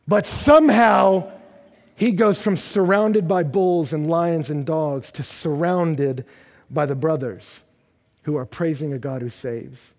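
A man delivers a sermon in a church sanctuary. His voice sits high for a man, and he turns animated, climbing toward near-shouts at the peaks. A long hall reverb trails behind his words. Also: normal speed. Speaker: pastor.

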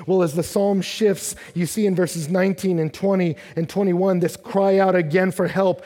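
High-voiced preacher in a reverberant hall. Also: male voice, normal speed, hardly any pauses. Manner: animated, rising to near-shouts at peaks. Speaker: pastor. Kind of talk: sermon.

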